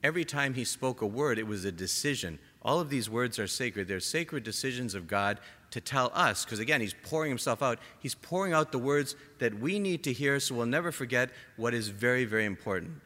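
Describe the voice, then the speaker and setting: A man preaching a sermon to a gathered congregation, impassioned, rising to emphatic peaks and dropping to soft, quiet lines. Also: mid-range voice, lively intonation, fairly quick, few pauses. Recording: long hall reverb.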